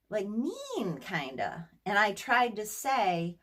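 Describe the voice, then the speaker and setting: A middle-aged woman telling a personal story to her audience in a casual, animated way, acting out what others said and laughing now and then. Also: mid-range voice, takes it slowly, hardly any pauses. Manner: animated, acts out quotes, laughs often. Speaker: therapist sharing a personal story.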